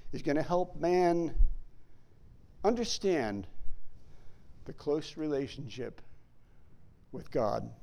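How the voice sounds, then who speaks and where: A man teaching a sermon who reads scripture aloud and slows down to stress key words. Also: on the high side, mellow. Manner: reads King James verses aloud. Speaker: Bible teacher.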